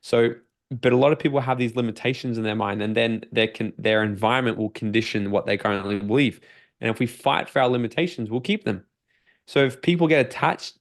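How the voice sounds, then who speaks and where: A man with an Australian accent, a personal development coach talking as a podcast guest, energetic and swearing freely as he acts out his own inner voice. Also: mid-range voice.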